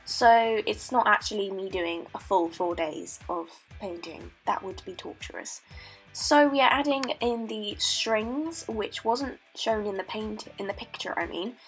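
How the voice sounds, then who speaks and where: A woman's voice: medium pitch, a little slow, faint music behind. A young woman in her late teens from Britain, narrating a painting video in a joking put-on Australian accent, with a playful mock-documentary tone and dry asides. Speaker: art student. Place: voice-over recorded at home.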